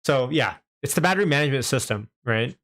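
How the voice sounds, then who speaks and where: A chatty young man with a light Canadian accent hosts a live stream in a relaxed, conversational way. His voice sits at an ordinary middle pitch. He laughs easily and reads viewers' comments aloud as he talks. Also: fast talker. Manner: chatty, laughs a lot, reads out chat messages. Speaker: livestream host. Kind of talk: casual live stream chat.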